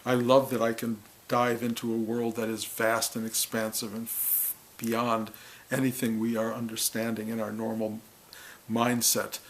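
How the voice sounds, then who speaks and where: A man speaking as a spiritual teacher to a gathering, earnest and heartfelt, in short halting phrases. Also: medium pitch, completely flat delivery, a little hiss or hum, rough recording. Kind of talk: reflective spiritual talk to a gathering.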